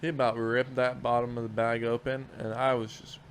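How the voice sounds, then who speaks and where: A man's voice: medium pitch, flat delivery, a little fast, slight background noise. A man in casual podcast chat, telling work stories in a rambling, profane way with lots of restarts.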